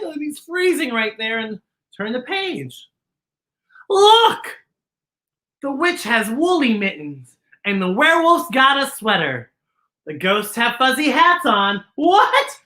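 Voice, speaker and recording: A woman's voice: sits high, takes it slowly. A woman hosting a children's storytime, reading a picture book aloud with exclamations and questions to the kids. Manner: animated, exclamatory, talks to kids directly.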